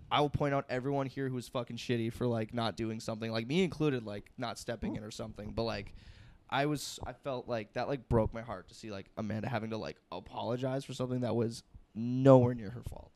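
A man's voice: medium pitch, brisk, a little mellow. A young man in casual chat, telling a story with lots of swearing and filler words.

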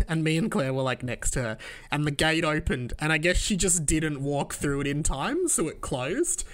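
A man's voice: on the high side, expressive, normal speed, fairly bright tone. Rambling young man. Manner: rambling, filler-heavy, laughs at his own stories. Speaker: podcast host. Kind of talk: casual travel storytelling.

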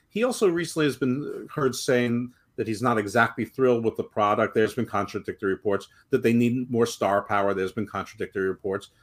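Guy on a podcast arguing his point, long emphatic explanations. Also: mid-range voice. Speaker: podcast co-host. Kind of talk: casual debate.

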